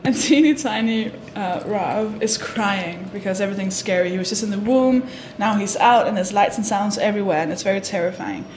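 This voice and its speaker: A woman's voice: medium pitch, fairly quick, hardly any pauses, darkish tone, echoey room, a little hiss or hum, rough recording. A woman hosting a podcast interview, playful and teasing, laughing often while asking questions. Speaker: podcast host. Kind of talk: casual interview conversation.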